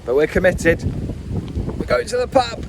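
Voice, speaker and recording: A man's voice: sits high, expressive, moderate pace, vocal fry. Middle-aged guy chatting to his camera outside at night, dry jokey tone, wind roaring over the mic. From England. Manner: chatty, dry wry humour. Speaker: vlogger. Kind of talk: casual vlog narration. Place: outdoors in a windy town at night. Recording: wind noise outdoors.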